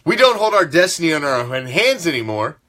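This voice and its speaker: A man ranting as a sports talk host, swearing freely and hammering his points. His voice sits high and swings widely up and down, with a bright, forceful edge. He keeps the tone emphatic and fired-up. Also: very animated, a little fast. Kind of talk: fan sports commentary rant.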